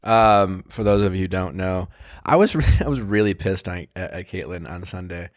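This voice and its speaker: A man's voice: sits low, normal speed, no echo, studio quality. A man hosting a casual podcast chat, talking in a rambling way with many restarts and fillers. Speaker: podcast host.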